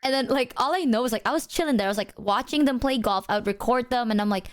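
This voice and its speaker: A woman's voice: a little high, fast talker. A woman streamer in casual chat, laughing often and talking animatedly. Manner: giggly, animated, acts out quotes.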